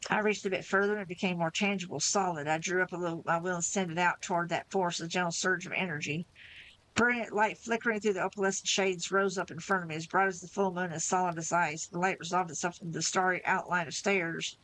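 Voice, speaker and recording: A woman's voice: lowish voice, fairly even intonation, fast talker, fairly bright tone, rough recording. A woman reading a novel aloud on a live stream, narrating steadily in the first person with the occasional slip.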